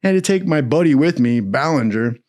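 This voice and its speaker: A man telling a comic story in a casual, profane, animated way. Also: a little high, brisk.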